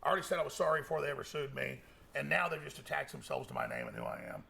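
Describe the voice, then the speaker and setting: Gravelly defensive man in an interview. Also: mid-range voice, wildly swooping pitch, rapid-fire, sharp tone. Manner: defensive, rambling, repeats himself. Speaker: interview guest. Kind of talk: recorded interview.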